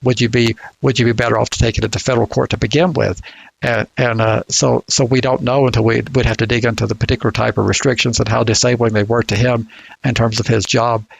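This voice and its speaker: Gravelly Southern man, slow drawl. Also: medium pitch, little pitch movement, no room sound, poor audio. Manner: deliberate, halting, many restarts. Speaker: legal commentator. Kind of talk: casual podcast discussion.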